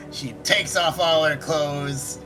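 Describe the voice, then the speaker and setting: A man's voice: fairly high pitch, very animated, extremely slow, music in the background, rough recording. A man playing a tabletop game, talking hesitantly and casually. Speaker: player.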